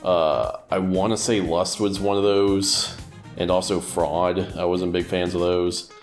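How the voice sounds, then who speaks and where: A man co-hosting a podcast, talking casually about music with dry, deadpan humor. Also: deep voice, a little slow. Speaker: podcast co-host reviewing an album. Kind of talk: casual chat.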